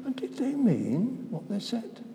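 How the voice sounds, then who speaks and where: A man's voice: very high-pitched, wildly swooping pitch, measured pace, vocal fry, mellow. An older man giving an informal sermon, chatty and self-interrupting, putting questions to the congregation. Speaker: preacher. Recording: long reverb of a church hall.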